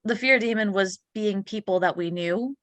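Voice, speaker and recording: A woman playing a tabletop game, chatting casually with quick, swearing remarks. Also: medium pitch, a bit bright, dry recording. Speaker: player.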